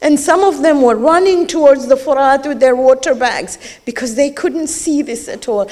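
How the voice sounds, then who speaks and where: A middle-aged woman preaches with a high, clear voice, telling a sacred story with intense feeling. Her delivery swells into tearful, pleading passages and drops to hushed lines. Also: moderate pace, hardly any pauses. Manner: emotional storytelling, rising to tearful pleas. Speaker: religious speaker. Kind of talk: sermon.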